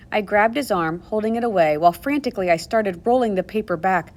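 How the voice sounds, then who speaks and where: A woman narrating a novel aloud in the first person, expressive and moving between hushed and urgent tones. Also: mid-range voice, a little fast, few pauses. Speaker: audiobook narrator.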